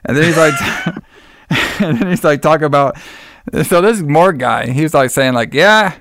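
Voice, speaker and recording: A young man in casual podcast chat, recapping a movie with lively storytelling and acting out the characters' lines. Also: fairly high pitch, a little slow, vocal fry, no echo, studio quality.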